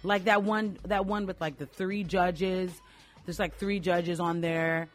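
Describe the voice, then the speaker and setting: A woman's voice: on the low side, steady tone, a little slow, soft background music. A woman co-hosting a radio show, chatting expressively and laughing often. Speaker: co-host. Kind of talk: casual chat.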